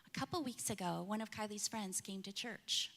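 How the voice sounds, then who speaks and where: A woman speaks slowly and earnestly to a congregational meeting, her voice at a middle pitch. The sound carries a long reverb from a large church hall. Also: fairly bright tone.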